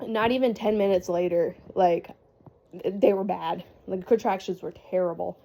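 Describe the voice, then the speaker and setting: A woman's voice: on the low side, steady tone, moderate pace, creaky, dark tone. A young woman casually telling a story in a rambling vlog style, with lots of fillers and laughs. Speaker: vlogger.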